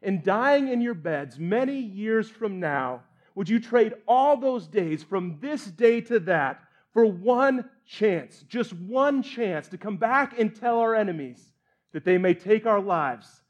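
A preacher doing a rousing rebel leader. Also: male voice, high voice, lively intonation, slow pace, lo-fi sound, heavily acted. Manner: forceful, declaiming.

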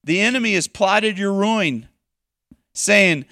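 Man, pastor, sermon, emphatic, loud-soft swings, dry room. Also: a little high, animated, normal speed, no echo. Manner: emphatic, swings between loud urging and quiet softness.

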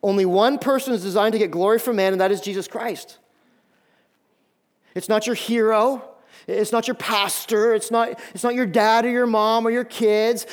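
A man preaching a sermon as a pastor, animated and often repeating words as he builds emphasis. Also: high voice.

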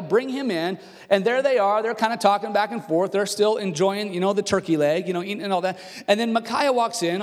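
A man preaching with a slightly raised voice, telling a scripture story and putting on its characters. He is animated and conversational, and his voice rings through a hall with a long reverb. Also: high voice. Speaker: pastor. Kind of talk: sermon storytelling.

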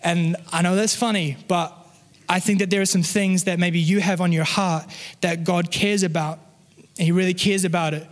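High-voiced man preaching in a reverberant hall. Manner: earnest, conversational preaching with personal stories. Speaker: pastor. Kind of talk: sermon.

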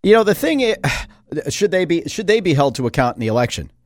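A man's voice: on the high side, very animated, a little fast, dry recording, studio quality. A man who sits on a school board, giving a sarcastic opinion monologue full of rhetorical questions. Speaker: school board member and commentator.

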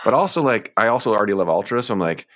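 Deep voiced podcast guy, rambly, laughs at himself, dry close mic. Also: very animated, rapid-fire, a bit bright, no echo. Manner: rambling, self-deprecating, laughs easily. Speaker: podcast co-host. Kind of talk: casual chat.

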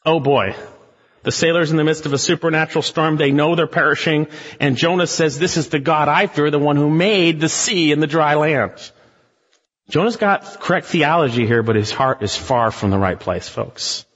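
A fairly high-voiced man preaching with emphatic, dramatic delivery. The sound is a little dull and carries a long hall reverb. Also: moderate pace, a bit bright. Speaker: pastor. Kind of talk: expository sermon.

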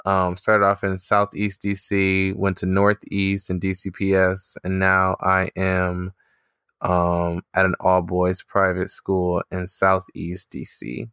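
A woman's voice: a bass voice, monotone, takes it slowly, fairly bright tone, smooth, no room sound, studio quality. A woman in her twenties, a teacher co-hosting a podcast, chatting casually and laughing often.

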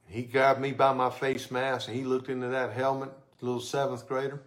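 A male pastor preaching a sermon with fervent energy that sometimes drops to soft, intimate tones, speaking on a microphone in a church sanctuary. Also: mid-range voice, moderate pace. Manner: fervent, rising to excited shouts then dropping to soft, intimate tones.

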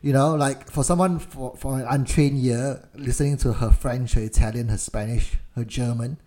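A man with a Malaysian accent, co-hosting a casual film podcast, speaking slowly and deliberately. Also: mid-range voice, fairly even intonation, mellow. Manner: deliberately slowed, measured speech. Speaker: podcast co-host.

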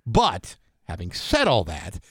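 A man's voice: fairly low pitch, slightly rough, no echo. Dry-sounding male radio co-host. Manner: relaxed, halting with many fillers. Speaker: radio morning show co-host. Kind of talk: casual radio banter.

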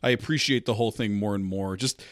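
Animated young man chatting casually. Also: on the low side, fast, no echo, clean studio sound. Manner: animated storyteller, breaks into mocking impressions. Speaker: podcast co-host. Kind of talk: casual chat.

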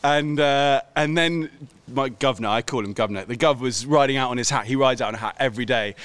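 A man co-hosting a podcast in chatty casual conversation with quick interjections. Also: mid-range voice, a bit bright, clear, resonant tone, dry recording. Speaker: podcast co-host. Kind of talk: casual chat.

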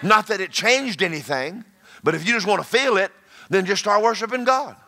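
A man preaching a sermon, folksy and joking, swinging between loud exhortation and quiet storytelling. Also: high voice, animated, normal speed.

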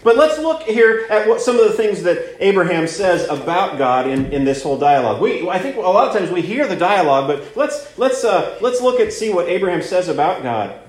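High-voiced man preaching in an echoey room. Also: sing-song, brisk, few pauses. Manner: earnest, repeats words and fillers while explaining. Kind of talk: sermon teaching through a Bible passage. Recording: roomy echo.

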